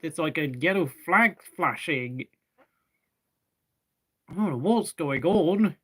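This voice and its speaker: A man's voice: on the high side, lively intonation, slow pace, husky. A young man hosting a live race watchalong, chatting casually and rambling to fill the gaps between race updates. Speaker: watchalong host.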